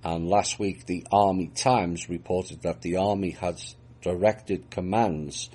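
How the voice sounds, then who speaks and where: A man's voice: low voice, fairly even intonation, takes it slowly, mellow, slightly rough. A man reading out news reports and adding dry, mocking remarks of his own between the items. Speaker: news commentator.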